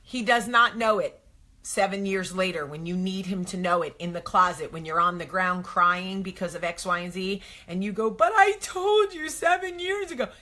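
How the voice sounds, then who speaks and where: A woman's voice: lowish voice, fairly even intonation, moderate pace, pushed and bright. A woman in her thirties giving casual marriage advice to camera, emphatic and repetitive, acting out little quoted exchanges. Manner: emphatic, repeats points, acts out quotes.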